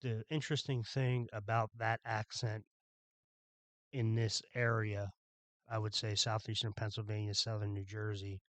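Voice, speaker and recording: Low-voiced, irritated ranting man. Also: flat delivery, measured pace, no echo. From Philadelphia. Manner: irritated, blunt and profane. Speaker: podcast host. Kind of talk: ranting monologue.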